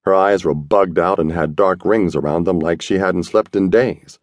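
Man, very low voice, gruff, slangy first-person audiobook read, dry studio sound. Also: moderate pace, dry recording. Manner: streetwise, slangy, gruff delivery. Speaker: audiobook narrator. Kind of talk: first-person scripted narration.

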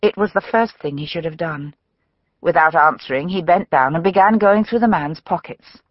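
A woman narrating a mystery novel for an audiobook with measured storytelling. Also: fairly low pitch, no room sound, lo-fi sound.

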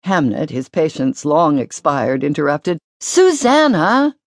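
A woman narrating a novel in a measured, expressive storytelling voice. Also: deep voice, no room sound, studio quality. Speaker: audiobook narrator. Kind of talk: scripted narration.

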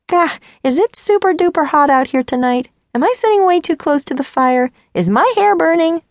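An awkward teenage girl rambles and blurts out sarcastic jabs, nervous underneath, as a woman narrator plays her. Her voice rises bright and quick with a gravelly rasp at the edges. The recording is dry and close. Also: sits high, animated, dry recording, pitched above the performer's own voice.

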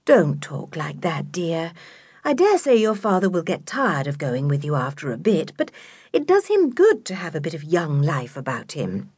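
A kind, fussing mother from a children's storybook, as a woman narrator voices her, gentle and soothing, often dropping to a soft, breathy hush. Her pitch moves a lot, and the recording is close and dry. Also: wildly swooping pitch, normal speed, dry recording, heavily acted.

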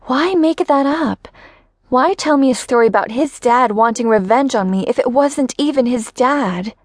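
A woman reads a first-person audiobook in a steady, measured voice. Her pitch sits somewhat high. The recording is close and completely dry, with no room sound. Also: dry recording. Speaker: audiobook narrator.

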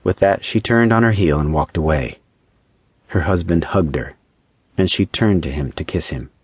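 A man narrating a short-story audiobook in a measured, even storytelling manner on a close studio mic. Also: sits low, breathy edge, no echo. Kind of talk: scripted narration.

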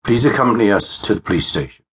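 A man voicing a stern Victorian police constable who speaks in a loud, commanding, formal way, in an audiobook. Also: fairly low pitch, expressive, quick pace, pitched above the performer's own voice. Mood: solemn.

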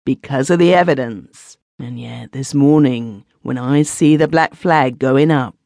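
A man voicing Smith, a kindly, excitable villager. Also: mid-range voice, gravelly, dry recording. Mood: earnest. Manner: gossipy, quick to burst into feeling. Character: kindly, emotional middle-aged villager Smith. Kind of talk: audiobook character voice.

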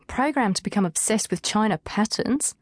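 A woman's voice: medium pitch, lively intonation, moderate pace, dry recording. Wry woman narrating, dry studio sound. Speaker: audiobook narrator. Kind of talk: scripted audiobook narration.

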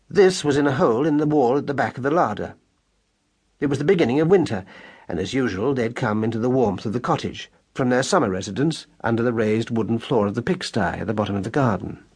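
A man narrating a children's audiobook in a measured, expressive storytelling manner, with a husky voice. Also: mid-range voice. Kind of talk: scripted narration.

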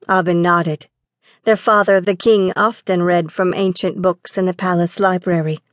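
A woman narrating a children's adventure audiobook in a clear, measured storytelling manner. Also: fairly low pitch, steady tone, dry recording, clean studio sound.

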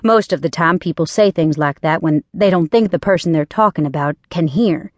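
A woman narrating an audiobook, voicing a gruff former cop man who speaks in a flat, clipped way without emotion. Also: low-pitched, normal speed, dry recording. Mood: blunt.

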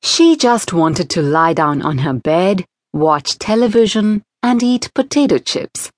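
A woman narrating a children's storybook in a gentle, expressive way. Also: on the low side, a little slow, no room sound. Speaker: audiobook narrator.

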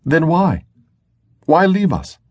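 Male narrator playing a forceful, demanding woman spacer; husky and dry. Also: fairly high pitch, sing-song, slow pace, no room sound, pitched above the performer's own voice, full character voice. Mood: pleading. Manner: insistent, forceful. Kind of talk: audiobook narration.

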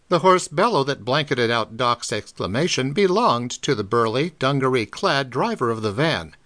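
A man narrating a pulp mystery audiobook in a dramatic, expressive reading. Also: mid-range voice, moderate pace, hardly any pauses. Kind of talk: scripted narration of pulp fiction.

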